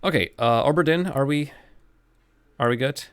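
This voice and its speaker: A man's voice: fairly high pitch, moderate pace, clear, resonant tone. A man streaming a game live, thinking aloud in casual commentary with frequent restarts.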